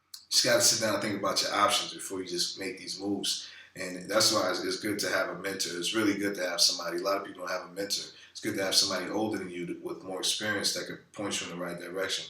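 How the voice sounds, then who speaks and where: A man with a low, forceful, bright-edged voice talks off the cuff, swearing freely and circling back with fillers. The sound is roomy and echoey, picked up from a bit away from the mic. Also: level tone, quick pace, distant mic. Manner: loose, profane, rambling with many fillers. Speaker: vlogger. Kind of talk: casual talking-head monologue.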